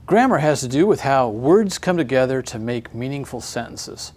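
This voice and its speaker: A man's voice: medium pitch, expressive, moderate pace, a little mellow. A man teaching a recorded grammar lesson, friendly and upbeat, explaining step by step.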